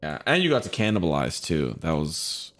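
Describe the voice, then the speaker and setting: A deep-voiced man talks through the session he just ran as game master. He is laid-back and laughs often, dropping casual curses as he chats. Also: normal speed. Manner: relaxed, laughing, swears freely. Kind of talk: casual post-game chat.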